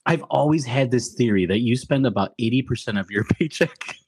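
A man's voice: medium pitch, fairly quick, slightly rough. A middle-aged man co-hosting a casual chat, teasing his friend and laughing often. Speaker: podcast co-host.

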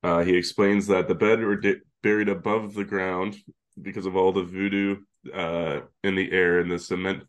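A man's voice: deep voice, level tone, moderate pace. A man co-hosting a podcast in casual chat, recapping the plot at length with laughs and the odd swear word. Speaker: podcast co-host.

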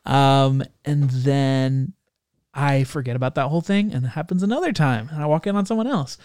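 A man's voice: medium pitch, moderate pace, a little mellow, smooth, no room sound, clean studio sound. A young man in casual chat, animatedly telling a funny travel story and acting out the people in it.

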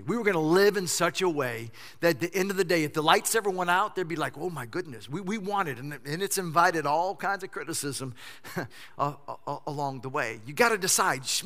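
A man preaching a sermon as pastor, telling the story in an animated way and acting out what people say. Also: high-pitched. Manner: animated storytelling preacher who acts out quotes. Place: church sanctuary. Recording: long church reverb.

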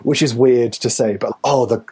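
Casting note: husky-voiced Geordie man, casual podcast chat, lively and playful, mid-pitched. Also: normal speed. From Newcastle, England. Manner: animated, acts out quotes with sudden high pitch. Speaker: podcast co-host, fitness coach.

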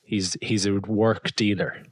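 Irish guy telling stories on a podcast, lowish voice, wry, dead dry sound. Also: takes it slowly, no echo. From Ireland. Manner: lively storyteller, wry. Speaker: podcast co-host. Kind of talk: casual banter.

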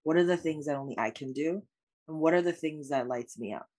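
A woman's voice: low voice, a little fast, darkish tone. A woman speaking as a life coach guest in an interview, answering in an earnest, reflective way with many "like" fillers.

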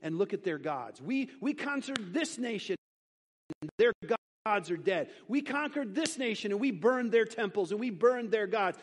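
A scornful warrior king from an old scripture story jeers and boasts in a high, piercing voice, as a male preacher puts him on mid-sermon. Each taunt rings out with a long hall reverb behind it. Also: expressive, normal speed, slight background noise. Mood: boastful. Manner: mocking, jeering, boastful questions. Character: taunting, arrogant male ancient king, menacing conqueror.

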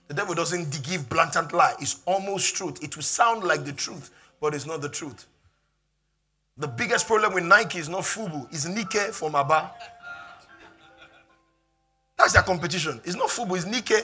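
A man with a Nigerian accent preaching a sermon as pastor, emphatic and repetitive, building up to shouts. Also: fairly high pitch, husky.

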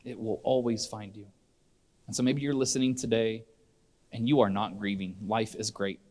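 A man's voice: on the low side, steady tone, moderate pace, a little mellow. A middle-aged man preaching a sermon in church, earnest and conversational, often restarting his sentences. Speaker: pastor.

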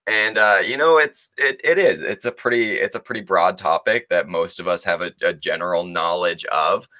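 A man's voice: low-pitched, moderate pace, bright, forceful tone. A man giving a sermon in a casual, conversational way, often hedging and restarting his sentences. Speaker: preacher.

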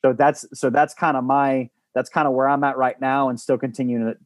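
Podcast guest: a man, mid-pitch, earnest and rambling, dry close mic. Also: flat delivery, brisk, dry recording. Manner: earnest, rambling with many restarts and fillers. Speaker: guest, former baseball coach. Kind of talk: podcast conversation.

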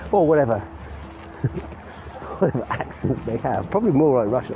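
This rambling, casual monologue comes from a man in his fifties who's walking his dog outdoors and chatting about his day for his podcast. His mid-range voice swings widely in pitch at a moderate pace, and he often laughs and restarts. The sound is muffled, with music clearly in the background.

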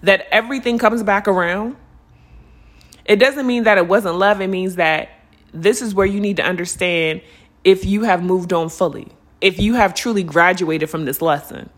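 A woman hosting a spiritual podcast, talking casually and earnestly to her listeners, calling them y'all and unicorns. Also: medium pitch. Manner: earnest and lively, stretching words when urging listeners to slow down. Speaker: podcast host. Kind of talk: reflective spiritual podcast monologue.

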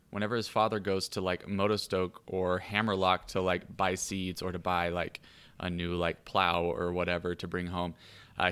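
A man's voice: low-pitched, a bit bright, clean tone. A man on a casual podcast, eagerly telling his character's backstory with lots of fillers and restarts. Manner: rambling storyteller, many fillers. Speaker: player describing his character.

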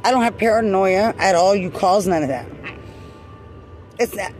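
A man's voice: high voice, normal speed, faint music behind. A man ranting angrily outdoors, accusing someone over and over and swearing. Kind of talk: angry confrontational rant.

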